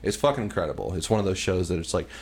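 A man's voice: sits low, animated, rapid-fire. A man co-hosting a podcast in casual comedic chat, swearing freely, laughing often and reading out stories in an offhand way. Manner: profane, laughing, puts on silly voices. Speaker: podcast co-host. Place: home room, smoking while recording.

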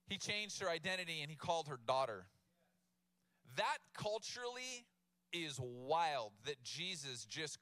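Youngish guy preaching, casual and funny, bright voice, pretty dry sound. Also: high voice, no room sound. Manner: casual, humorous, animated storytelling with laughs. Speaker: pastor. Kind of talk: sermon.

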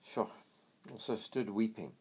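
Low-voiced man reading a memoir aloud. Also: slightly rough. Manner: earnest, pauses for quiet prayers. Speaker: reader of a missionary memoir.

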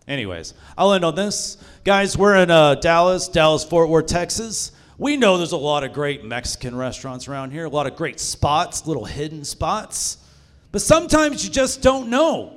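A man's voice: on the high side, big pitch swings, normal speed. A young man doing a stand-up set in a comedy club, profane and self-mocking as he tells stories. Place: live comedy club stage.

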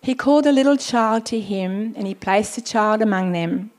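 A woman pastor preaching a sermon, reading scripture slowly and deliberately, with exclamations of praise between points. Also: medium pitch, darkish tone.

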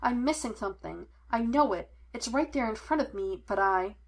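A woman's voice: a little high, normal speed. A woman doing an impulsive young detective. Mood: defensive. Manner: emphatic, rising to excited shouts. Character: restless, impulsive young man, a psychic detective.

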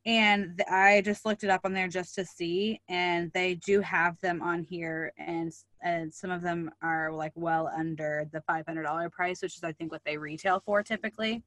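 A woman's voice: on the low side, fairly even intonation, moderate pace, hardly any pauses, a bit bright, dry recording. A woman co-hosting a podcast in casual chat, sharing tips in a chatty way with many "like" fillers. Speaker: podcast co-host.

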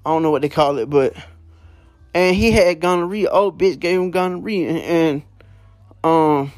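A man's voice: fairly high pitch, moderate pace, no echo. A man casually retelling prison stories, rambling with lots of fillers and slang. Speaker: storyteller.

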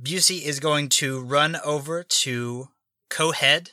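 Bright, dry-voiced man running the game. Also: a little high, slow, dry recording. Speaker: game master. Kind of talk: narrating a tabletop game.

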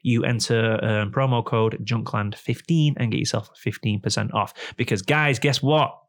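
A man with a fairly low voice speaks at normal speed with fairly even intonation. Hosting a podcast indoors, face to face with a guest, he reads a sponsor spot in a rambling, jokey way amid casual chat.

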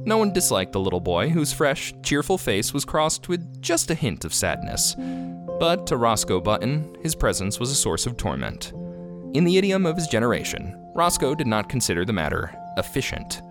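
A man narrating a classic short story as a podcast reader, expressive and measured. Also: medium pitch. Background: guitar music.

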